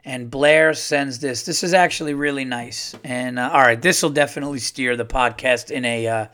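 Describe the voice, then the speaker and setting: Here a lone podcast host with a mid-range voice and sharp tone talks at a moderate pace. His casual monologue turns into a worked-up rant, rambling and laced with swearing.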